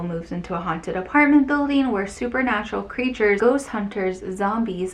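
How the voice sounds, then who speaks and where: A woman's voice: mid-range voice, fairly bright tone. A woman vlogger opening fan mail at home, chatting casually and reading letters aloud, gushing and exclaiming often.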